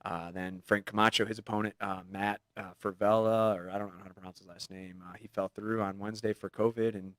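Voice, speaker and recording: A man in his thirties, a fighter sitting in as guest, talks loose and quick in a casual interview. His voice is on the low side and rushes along. The studio recording is dry and close. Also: level tone, no room sound. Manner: rapid, loose, laughs easily.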